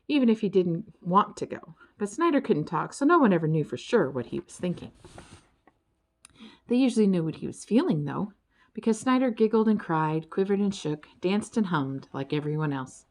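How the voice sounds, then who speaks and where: A woman reading a children's storybook aloud as narrator, with expressive, lively storytelling. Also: lowish voice. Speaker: audiobook reader.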